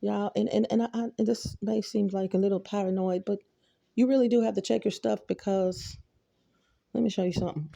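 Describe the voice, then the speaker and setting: A woman with a Texan accent rambling excitedly to her viewers in a casual phone vlog, often calling them y'all. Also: medium pitch, brisk, vocal fry, no room sound. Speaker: vlogger. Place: apartment and stairwell, indoors. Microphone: phone camera held close.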